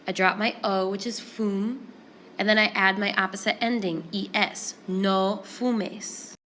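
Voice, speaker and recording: A woman's voice: mid-range voice, measured pace, a little hiss or hum. Woman explaining Spanish grammar step by step. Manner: clear, explanatory, steady step-by-step pacing. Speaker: Spanish teacher. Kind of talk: classroom grammar lesson.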